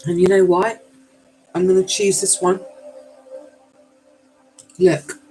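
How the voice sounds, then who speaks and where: A woman's voice: fairly low pitch, little pitch movement, slow, warm tone, faint music behind, poor audio. A woman hosting a live tarot reading, exclaiming, swearing and apologizing, and calling her viewers darlings. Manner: affectionate, calls listeners darlings. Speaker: tarot reader.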